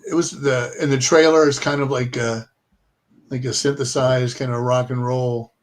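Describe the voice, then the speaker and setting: Soft-spoken man chatting about films. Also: mid-range voice, fairly even intonation, moderate pace. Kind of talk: casual movie chat.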